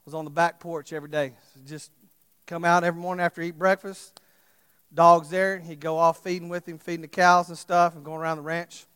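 Impassioned preacher man, high voice. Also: clear, resonant tone, in a large hall. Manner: swings from loud impassioned preaching to quiet storytelling. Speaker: pastor. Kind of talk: sermon.

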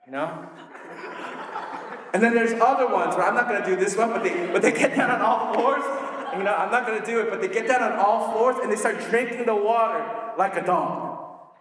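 High-voiced man preaching in echoey hall. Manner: animated, acts out characters with quick voices. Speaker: pastor. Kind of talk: casual sermon storytelling. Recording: echoey hall with long reverb.

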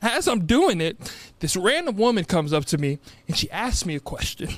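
A man's voice: sits high, normal speed, no room sound. A young man co-hosting a podcast, telling a story in casual chat with lots of laughter and self-mockery. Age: young adult. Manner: animated storytelling, laughs often, self-mocking. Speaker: podcast co-host.

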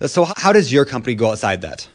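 A man's voice: medium pitch, sing-song, racing. A man co-hosting a podcast interview, talking casually with lots of fillers. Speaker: podcast co-host.

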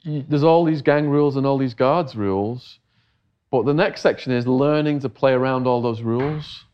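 A man's voice: mid-range voice, normal speed, clear, resonant tone, highs cut off. A middle-aged English man telling a long story in a casual interview, acting out the voices of the people he quotes. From England. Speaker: interview guest.

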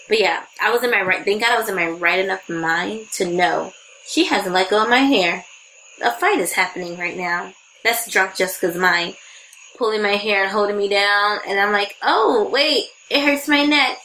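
Bright-voiced woman telling stories, tipsy. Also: medium pitch, slight background noise, low-quality recording. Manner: animated, laughing storyteller. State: tipsy from drinking. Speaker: podcast co-host. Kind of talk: casual chat.

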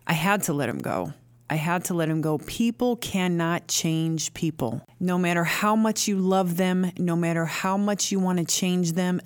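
A woman's voice: deep voice, a little mellow, no room sound. A woman telling her own recovery story in an earnest, emphatic way, repeating key phrases. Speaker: guest sharing recovery story. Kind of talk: candid personal testimony.

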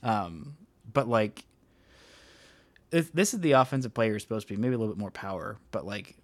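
A man's voice: on the low side, animated, moderate pace, no echo. A man co-hosting a casual sports podcast, talking in a chatty, joking way with lots of fillers. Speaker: podcast co-host.

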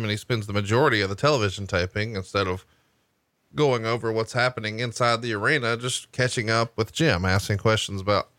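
Bright-toned man recounting a story. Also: mid-range voice, no echo, clean studio sound. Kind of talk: casual narration.

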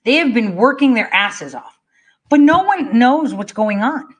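Fired-up woman swearing a lot, rallying folks, kinda higher voice. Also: lively intonation, measured pace, husky. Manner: profane, emphatic, rallying. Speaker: political speaker. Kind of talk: impassioned monologue.

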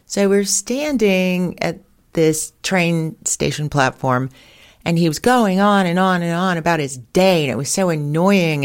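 Low-voiced chatty woman host. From United States. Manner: chatty, laughs often, animated anecdotes. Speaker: podcast host. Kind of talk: casual storytelling monologue.

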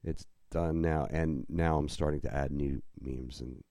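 A man with a very deep, mellow voice co-hosts a casual podcast and talks in an easygoing way. He often stops and restarts his sentences. The sound is dry and close to the mic. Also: steady tone, measured pace, gravelly, no echo. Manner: easygoing, with frequent restarts and laughs. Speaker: podcast co-host and group admin. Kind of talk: casual chat.

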